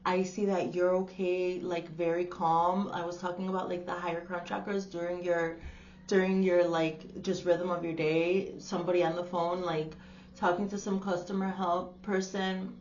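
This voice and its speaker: A woman's voice: on the low side, little pitch movement, moderate pace, darkish tone, muffled recording, slight background noise. A woman giving a casual spiritual tarot reading to the camera. She talks in a chatty, exclaiming way and calls the listener darling. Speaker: tarot reader.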